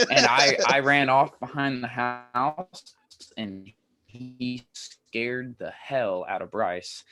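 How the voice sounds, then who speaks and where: A man's voice: mid-range voice, measured pace, faint music behind. Young man telling a funny story. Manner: animated anecdote-telling, acting out quotes with laughs. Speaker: podcast co-host. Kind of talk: casual storytelling.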